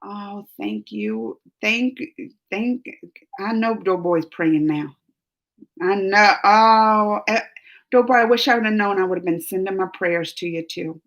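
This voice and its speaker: A married woman with a family, hosting a reaction stream, reads her live chat in a medium-pitched, slightly bright voice at a somewhat slow pace. Her casual conversation with viewers is emotional, teary at moments, and she laughs between the worries.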